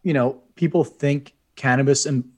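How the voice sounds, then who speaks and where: Male host, middle pitch, attentive and encouraging. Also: fairly even intonation, moderate pace. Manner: brief encouraging interjections. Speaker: podcast host. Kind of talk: interviewing.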